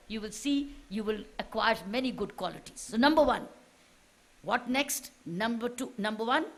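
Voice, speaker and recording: A woman with an Indian English accent giving a public speech to students, urging them on with repeated rhetorical questions. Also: fairly high pitch. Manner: exhorting, fires repeated rhetorical questions at listeners. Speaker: official addressing students.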